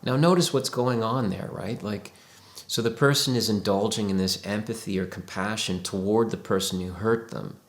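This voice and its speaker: A man's voice: on the low side, normal speed, hardly any pauses, roomy sound. A man, a psychotherapist, explaining emotions in a reflective, coaxing way, often voicing the questions a listener might ask themselves. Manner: reflective, coaxing, voices imagined inner questions. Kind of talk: educational talk to camera.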